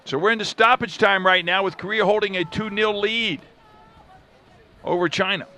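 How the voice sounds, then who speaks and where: A man's voice: high voice, steady tone, moderate pace, bright, forceful tone. A man calling a live football match from a commentary booth, chatting between plays. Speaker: play-by-play commentator. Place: stadium commentary booth with air conditioner.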